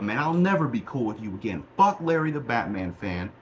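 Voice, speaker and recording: A man's voice: medium pitch, big pitch swings, brisk, a little hiss or hum, poor audio. A young man in a heated, profane rant to the camera, recorded on a cheap mic in a small room at home. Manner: profane, heated, repetitive ranting. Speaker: YouTuber.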